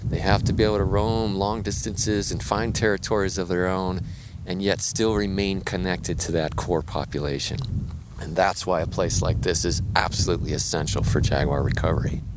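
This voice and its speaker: A man's voice: low-pitched, fairly even intonation, normal speed, background noise. A man walking a riverbed outdoors, explaining wildlife in a casual, enthusiastic way with fillers. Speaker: wildlife conservationist. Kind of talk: explaining on a field walk.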